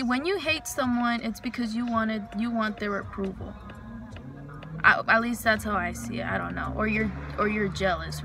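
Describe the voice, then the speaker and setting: A young woman sits in her car and vents in a loose, rambling monologue, swearing freely as she goes. Her voice sits a little high and sounds bright and forceful. A faint hum of noise runs underneath. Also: creaky. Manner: frank, rambling, heavy swearing. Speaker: vlogger. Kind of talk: casual venting monologue. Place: inside a parked car.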